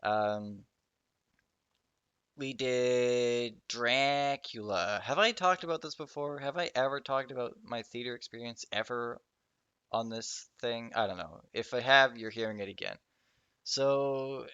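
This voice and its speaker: A man's voice: mid-range voice, moderate pace, sharp tone, clear, resonant tone, dry recording. A young man hosting his own podcast, rambling and self-deprecating, swearing casually as he wanders between thoughts. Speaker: podcast host. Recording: dull lo-fi podcast audio.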